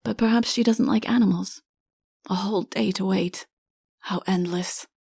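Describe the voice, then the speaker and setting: A woman voicing a wry, shy young man in a fairy tale audiobook, speaking low, quiet and dry. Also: fairly even intonation, moderate pace, gravelly, slightly rough, no room sound.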